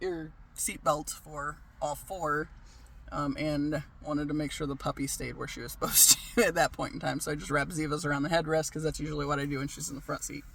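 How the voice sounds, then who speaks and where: A man's voice: a little high, vocal fry, fairly bright tone. A man telling a story in a casual vlog, ranting, swearing freely and laughing often. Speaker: vlogger.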